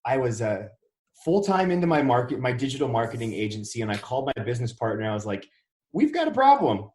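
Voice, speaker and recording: Animated male storyteller, roomy echo. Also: mid-range voice, quick pace. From Wisconsin. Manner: animated storyteller, acts out quoted dialogue. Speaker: podcast guest, real estate investor. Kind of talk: casual interview storytelling. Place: Dallas, Texas.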